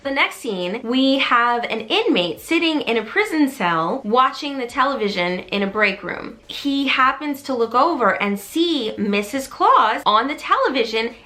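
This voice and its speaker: Brief: woman, storytime host, fairly high voice, bright and forceful tone, lively delivery that dips into quoted voices. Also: measured pace, few pauses. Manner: animated, acts out quotes with shifting pitch. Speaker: YouTuber retelling a movie. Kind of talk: casual storytime recap.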